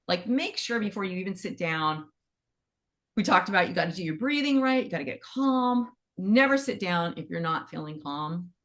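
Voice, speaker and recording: A middle-aged woman teaches animal Reiki in a soft, friendly, conversational way. Her voice sits a little low, and she drifts into side stories and asides as she explains. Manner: gentle, conversational, rambling with asides. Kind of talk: casual teaching talk.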